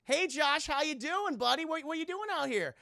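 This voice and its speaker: A man voicing a falsely friendly middle-aged male sheriff, talking in a loud, folksy, overly chummy way. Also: extremely high pitch, expressive, moderate pace, creaky, no room sound, clean studio sound, pitched above the performer's own voice, full character voice. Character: friendly-seeming middle-aged male small-town sheriff, menacing underneath.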